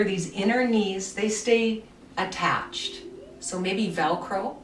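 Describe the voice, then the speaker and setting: Slow, soft-spoken woman yoga teacher. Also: mid-range voice. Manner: soft, slow, soothing cues. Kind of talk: guided somatic movement class. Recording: echoey room, mic far off, faint music.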